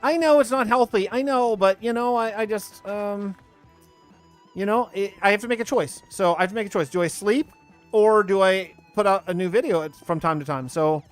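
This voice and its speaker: A man in his thirties rambles casually on a live stream, talking over his gameplay and answering chat. His voice is high-pitched and clean at a normal speed, with soft music in the background.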